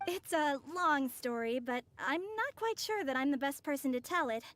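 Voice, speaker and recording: A woman voicing a courteous and mysterious female envoy in a video game, polite and measured. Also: high voice, expressive, fairly bright tone, no echo. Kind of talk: game voice acting. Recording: game audio with faint music.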